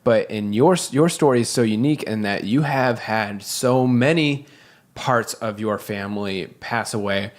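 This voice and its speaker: A man with a low voice chats on a podcast. He is thoughtful and works his way toward his point as he talks. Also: moderate pace. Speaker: podcast co-host. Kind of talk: casual podcast conversation.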